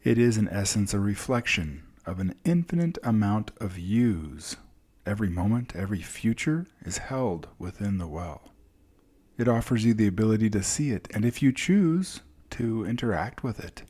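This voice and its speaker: A man voicing a gentle, wise older woman mentor who speaks softly and reassuringly, at times dropping to a near whisper. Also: lowish voice, expressive, moderate pace, breathy edge. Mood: soothing.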